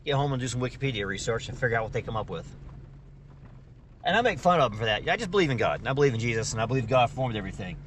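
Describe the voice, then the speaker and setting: A man's voice: medium pitch, big pitch swings, rapid-fire, fairly bright tone. A man, chatting casually and folksily as he narrates an off-road drive from inside his Jeep. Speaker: off-road vlogger. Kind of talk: casual narration while driving. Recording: engine and road noise behind.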